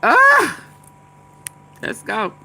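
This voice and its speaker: A woman's voice: very high-pitched, huge pitch swings, drawn-out words, background noise. A woman vlogger giving casual, chatty political commentary, laughing often and chanting refrains.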